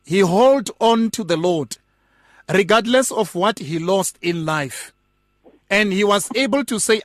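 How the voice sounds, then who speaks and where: A man hosting a Christian radio talk show. His voice sits high and he talks slowly and deliberately, often restarting words, in a dry, close sound. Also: lively intonation, dry recording.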